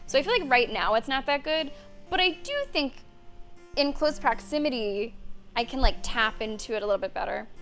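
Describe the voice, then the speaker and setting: A woman game streamer chatting loosely between bits of the game, animated, quick to laugh and to swear. Her voice sits a little high. Faint music runs underneath. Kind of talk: casual gameplay commentary. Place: warm room with a fan running.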